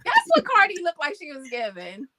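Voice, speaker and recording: A middle-aged woman chats with a friend, high-pitched and swinging all over her range. Her voice is bright and sharp, and her exclamations come out loud and playful. The sound is close and dry. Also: huge pitch swings, a little fast, no room sound. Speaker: co-host. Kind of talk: casual chat.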